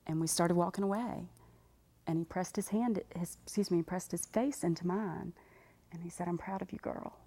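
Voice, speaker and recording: A woman telling her personal faith testimony to an audience in an animated, conversational way with self-deprecating humor. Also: lowish voice, normal speed. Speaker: speaker giving a personal testimony. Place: standing before a live audience.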